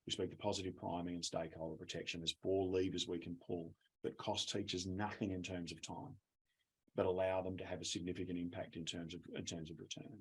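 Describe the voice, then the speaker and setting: A man's voice: sits low, slight background noise. An Australian man presenting a webinar, telling a chatty classroom story with laughs, speaking over a video call. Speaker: education presenter.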